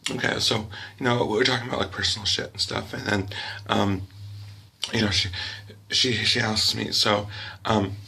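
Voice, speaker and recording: A man, a drag performer telling a rambling, animated story in a vlog. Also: on the low side, normal speed, vocal fry, pauses often, breathy edge. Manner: rambling, animated, acting out quoted voices.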